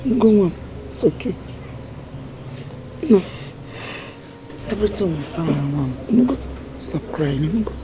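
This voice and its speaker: A woman's voice: fairly low pitch, lively intonation, moderate pace, pauses often, noisy background, natural voice. An actress with a Nigerian accent playing a kind middle-aged mother who soothes a crying girl. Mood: soothing. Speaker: kindly mother. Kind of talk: Nollywood film acting. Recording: music under dialogue.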